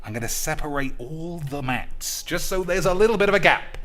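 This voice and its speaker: Loud, animated young man. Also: fairly high pitch, brisk, soft background music. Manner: loud, animated, swaggering rants with sudden shouts. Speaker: podcast host. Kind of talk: crude comedic banter.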